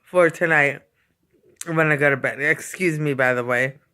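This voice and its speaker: Bright, crisp rambling vlogger. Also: mid-range voice, normal speed. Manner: rambling, repeats itself, many fillers; yawning often. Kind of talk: casual rambling vlog chat. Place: home basement.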